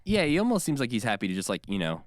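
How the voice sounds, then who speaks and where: A man co-hosting a podcast in casual chat, animated and often acting out quotes. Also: mid-range voice, racing, dry recording, studio quality. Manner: animated, quotes others in bursts. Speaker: podcast co-host.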